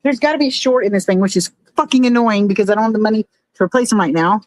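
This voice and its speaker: A woman rattles off her words rapid-fire in a mid-range voice, and the recording is dry and rough. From a room in her home with aquariums, she streams on her phone, showing the chat her fish tanks and cursing her equipment in frustration.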